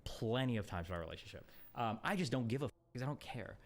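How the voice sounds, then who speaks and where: A man's voice: mid-range voice, lively intonation, gravelly. A man talking casually on a livestream, rambling with lots of fillers and swearing, blunt and exasperated. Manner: rapid, rambling, profane, heavy fillers. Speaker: streamer.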